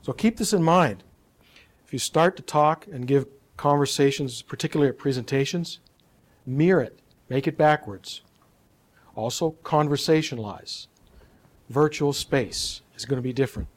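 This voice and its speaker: A man's voice: a little high, moderate pace. A man giving a live talk on public speaking in a presentation room, demonstrating points and asking the audience questions. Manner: lively, demonstrative, quizzes the audience.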